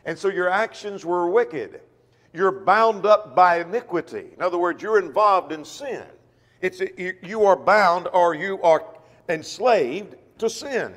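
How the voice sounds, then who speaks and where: A man's voice: high voice, expressive, measured pace, a bit bright, in a large hall. A man preaching a sermon who reads scripture aloud and poses rhetorical questions to the congregation. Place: church auditorium.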